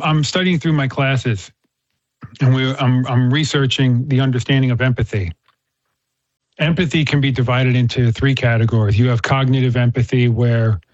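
A man's voice: mid-range voice, dry recording. A Catholic man in casual conversation, earnestly explaining faith through a story, in a dull, muffled recording.

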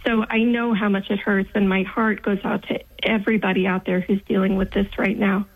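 A woman in her fifties, calling in to a radio talk show, speaking earnestly and gently. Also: medium pitch, little pitch movement, fairly quick, breathy edge. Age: 50s. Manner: earnest, gentle, faith-filled. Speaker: caller. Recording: thin phone line.

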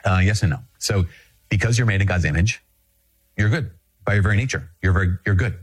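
Husky-voiced earnest priest, low tone. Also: male voice, fairly quick. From Minnesota. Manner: earnest and emphatic, repeats phrases for weight. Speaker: Catholic priest. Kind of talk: conversational spiritual teaching.

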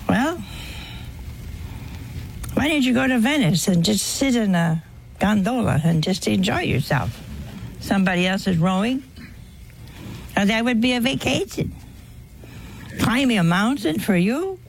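A woman's voice: medium pitch, lively intonation, unhurried, gravelly, pauses often, a little hiss or hum. A woman preaching a sermon to a live audience in a folksy, humorous way, acting out bits of dialogue.

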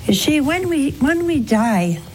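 A nun on a call-in program preaches in an earnest, coaxing way and keeps turning her points into questions for the listener. Her voice sits a little high, and she takes her time with every phrase. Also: sing-song, unhurried, a little mellow, slight background noise, rough recording. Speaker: nun hosting a call-in show. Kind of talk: preaching and counseling callers.

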